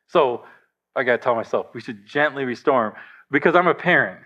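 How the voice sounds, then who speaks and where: A middle-aged man preaching a sermon to his church in a conversational, storytelling way with gentle humor. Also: medium pitch, expressive, brisk, highs cut off. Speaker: pastor.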